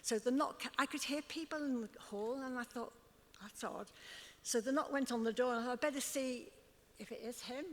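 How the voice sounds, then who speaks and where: Older Liverpool woman, on-stage guest, lively storyteller, slightly high voice, long hall echo. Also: brisk, few pauses, slight background noise. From Liverpool, England. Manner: chatty, laughs often, acts out quotes. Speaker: interview guest. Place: club stage before an audience.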